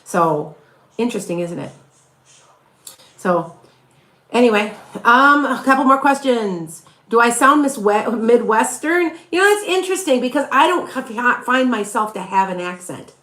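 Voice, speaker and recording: A woman's voice: a little high, lively intonation, moderate pace, a bit bright, echoey room. Chatty woman with a slight Wisconsin accent. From northern Illinois, near Chicago. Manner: chatty, rambling, with frequent restarts and laughs. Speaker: psychic medium doing live readings. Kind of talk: casual live-stream chat answering viewer questions.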